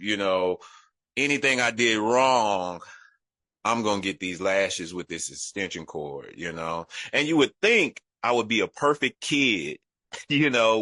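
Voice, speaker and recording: A man from Dallas tells his recovery story to a meeting. His voice is bright and forceful, and the sound is close and dry. He talks in an animated way and leans on "you know" throughout. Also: lowish voice, no echo. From Dallas, Texas. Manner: frequent fillers like "you know". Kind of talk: personal recovery share.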